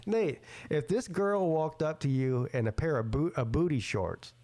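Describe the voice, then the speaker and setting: A man's voice: fairly high pitch, normal speed. A middle-aged man, hosting a casual podcast and telling a story with acted-out quotes and frequent laughter. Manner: animated storyteller, acts out quotes, laughs often. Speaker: podcast host.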